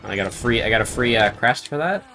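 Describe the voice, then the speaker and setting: A man's voice: mid-range voice, expressive, quick pace, sharp tone, faint music behind. A young man joking and swearing casually while playing a co-op game with a friend. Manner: joking, laughs often, swears. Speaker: co-op game player. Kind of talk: casual gaming chat.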